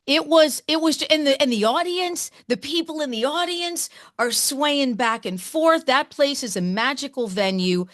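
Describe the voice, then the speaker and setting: A higher-pitched woman interviewing a guest, bubbling with excitement and rushing through her sentences. Her voice sits close and dry, with hardly any room around it. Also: no room sound. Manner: gushing, excitable, talks fast in bursts. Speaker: radio host and interviewer. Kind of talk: enthusiastic interview chat.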